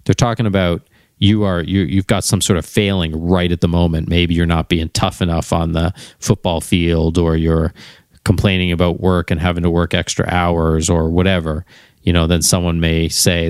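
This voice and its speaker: A middle-aged man with a very low, smooth, resonant voice thinks aloud in a candid personal monologue. He keeps pausing to search for the right words. The sound is dry and close. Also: no room sound.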